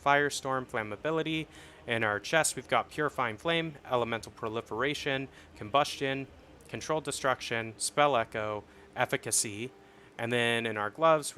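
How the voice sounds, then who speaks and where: A young man casually explaining his game build on a livestream, swearing and getting excited once the fights start. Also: medium pitch, a little hiss or hum. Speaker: streamer. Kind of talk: casual gameplay commentary.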